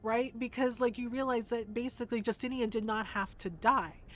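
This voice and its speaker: A woman's voice: on the high side, fairly even intonation, normal speed, a bit bright. A woman streamer in casual commentary, ranting emphatically and swearing a lot. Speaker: game streamer.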